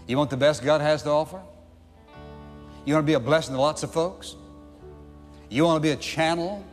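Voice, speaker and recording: A man's voice: fairly high pitch, big-room sound. A male pastor preaching a sermon in an emphatic way, pressing his points with repeated rhetorical questions.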